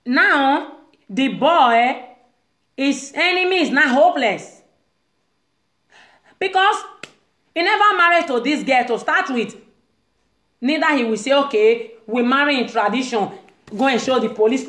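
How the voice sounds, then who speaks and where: A woman's voice: high-pitched, expressive, measured pace, pauses often, a bit bright, echoey room. A Nigerian-accented woman hosting her own online show, delivering an impassioned monologue from a house and acting out the voices she quotes. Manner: emphatic, acts out quoted voices, Nigerian Pidgin-tinged English. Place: room in a private house.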